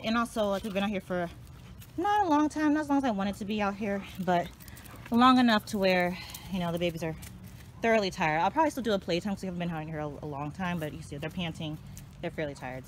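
A woman vlogging outdoors, chatting easily to her viewers and calling them y'all while she walks her dogs. She talks to the camera on a handheld phone, and steady outdoor noise runs under her voice. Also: medium pitch. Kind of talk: casual vlog chat. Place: outdoors on a hiking trail, then a home yard.

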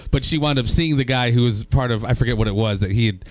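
A man's voice: medium pitch, quick pace, a little mellow, dry recording. Enthusiastic male radio co-host. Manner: enthusiastic, rambling fan questions. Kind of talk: radio interview. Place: radio studio.

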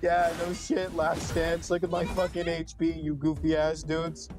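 A young man talks over a video game he is playing, with a slightly high voice and a lot of swearing. He drifts between flat, low muttering and loud, exasperated outbursts. Game music plays clearly behind him. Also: a little slow. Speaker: gamer streamer. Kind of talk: casual gameplay commentary.

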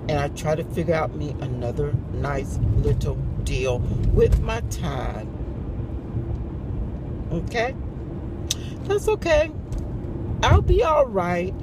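Woman, couponing vlogger, casual chat, dramatic, drawn-out, faint car noise. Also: sits low. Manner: dramatic, hollers and laughs often, slow drawn-out delivery.

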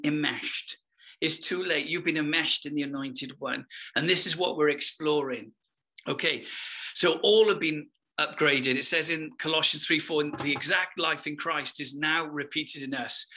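A man teaching a spiritual session, exuberant with sudden whoops, then slowing into a soft voice to guide breathing. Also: fairly high pitch. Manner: drops to a soft, slow guiding voice in meditation. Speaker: Christian teacher.

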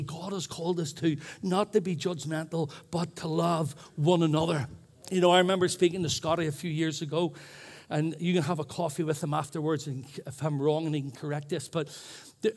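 A man's voice: on the high side, darkish tone. A male pastor preaching a sermon in church, earnest and chatty, telling stories. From New Zealand. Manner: earnest, chatty, self-deprecating storytelling.

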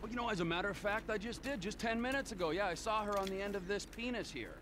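An actor playing a volatile, unhinged middle-aged criminal in a video game, with a gravelly voice that swings between mocking menace and shouting. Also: male voice, high voice, fast, background noise, lightly acted. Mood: taunting.

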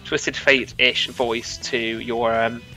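A man's voice: medium pitch, flat delivery, slow, bright, forceful tone, soft background music, rough recording. A man chatting over a game in a dry, wry, somewhat hesitant way. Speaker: gaming commentator. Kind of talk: casual gaming chat.

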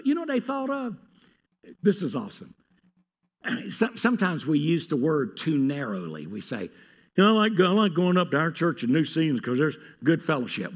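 A pastor delivers a sermon in a husky, slightly raised voice. His delivery is very animated, dropping to quiet asides and then rising into loud pleas. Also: on the high side. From North Carolina. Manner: animated preacher, swings from hushed asides to loud pleading.

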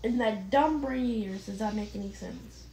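A woman gamer in playful banter, bossy and teasing, now and then bursting into shouts. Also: mid-range voice, normal speed, creaky, a little hiss or hum, poor audio.

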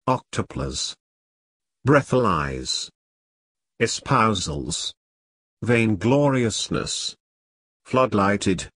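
A man reading single vocabulary words one at a time, slow and deliberate, for pronunciation practice. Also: on the low side, a bit bright, slightly rough, dry recording. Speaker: vocabulary reader.

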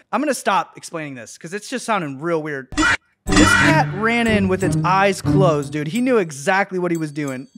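A young man giving casual reaction commentary on memes, excitable and slangy, calling everyone dude. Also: high-pitched.

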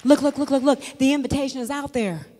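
High-voiced woman preaching in a reverberant church. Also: fast talker. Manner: call-and-response preaching, repeats phrases, swells to shouts. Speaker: pastor. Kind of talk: live sermon. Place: church sanctuary. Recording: long hall reverb in a church.

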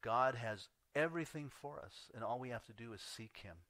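A man's voice: mid-range voice, animated, fairly quick, bright, forceful tone, no room sound. A man preaching a sermon as pastor, telling a story with acted-out dialogue and frequent laughter.

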